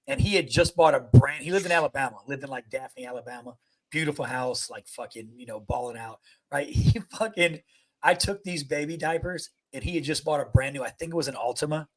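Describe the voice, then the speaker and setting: A man's voice: mid-range voice, brisk. A man, a Navy veteran, telling crude service stories on a casual podcast, swearing constantly. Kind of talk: casual profane storytelling.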